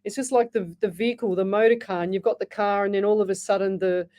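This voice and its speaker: A woman's voice: mid-range voice, fairly even intonation, fast talker, warm tone. A middle-aged Australian woman hosting a live radio psychic show. She reads out listener messages and answers them in a chatty, rambling way, often restarting her sentences and calling people "lovey.". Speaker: psychic medium radio host.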